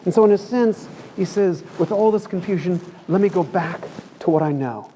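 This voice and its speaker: A man's voice: high voice, moderate pace, warm tone, slight background noise. A man preaching a conversational sermon in a church, telling the story in a chatty way and acting out the quoted lines.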